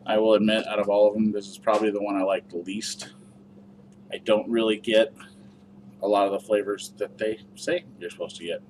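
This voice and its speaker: A man's voice: on the low side, flat delivery, a little fast, background noise. A man giving a casual, rambling review vlog, chatty and full of fillers. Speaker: product reviewer.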